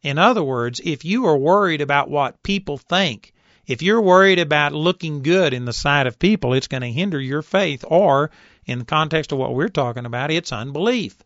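A man preaching a sermon, telling a story and rising to forceful shouts when he quotes someone. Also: a little high, expressive, moderate pace, no room sound, dull audio. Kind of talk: sermon teaching.

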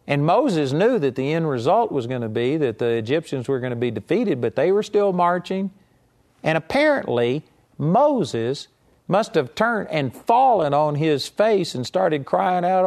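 Animated male preacher, high-ish voice. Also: unhurried. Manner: animated storytelling, acting out prayers in raised voice. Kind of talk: sermon.

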